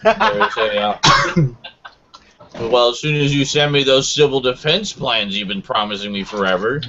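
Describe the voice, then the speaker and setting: A man's voice: medium pitch, vocal fry. A man in a casual live chat with friends, teasing the others. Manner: slow teasing delivery. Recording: dull lo-fi mic with steady hiss.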